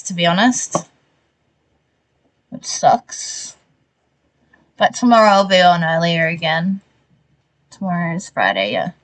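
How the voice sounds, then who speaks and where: A young woman with a mild Australian accent, chatting casually with live viewers while she builds a model and reads out piece counts. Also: on the low side. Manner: chatty, relaxed, frequent likes and laughs. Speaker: livestreamer.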